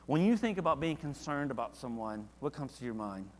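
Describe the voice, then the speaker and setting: A man's voice: mid-range voice, brisk, in a large hall. A man leading a church Bible study in a casual, conversational way, often asking the class questions. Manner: conversational, asks the class questions, animated when reading verses.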